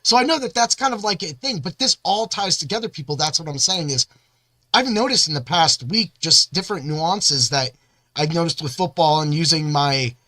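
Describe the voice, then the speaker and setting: Energetic bright-voiced male podcast host. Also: a little high, normal speed, no echo. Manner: energetic, rambling, boastful. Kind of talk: casual hype-filled monologue.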